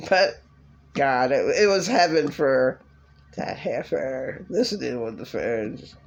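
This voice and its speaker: A woman's voice: very deep voice, expressive, takes it slowly, lo-fi sound. A woman rambling through an agitated, repetitive rant to camera in a vlog. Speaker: vlogger.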